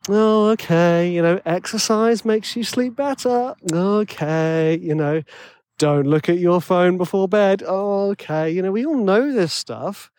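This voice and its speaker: A man's voice: high-pitched, measured pace, darkish tone, no echo. A man with a tenor voice hosting a podcast, rambling and self-deprecating in casual chat full of fillers. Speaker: podcast host.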